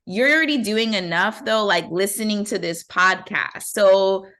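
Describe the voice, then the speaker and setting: A woman hosts a podcast in a relaxed, encouraging way. She talks casually and chattily, with plenty of "like" as she leads into questions. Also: medium pitch, measured pace, few pauses. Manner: chatty and encouraging, many "like" fillers. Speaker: podcast host. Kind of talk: casual interview chat.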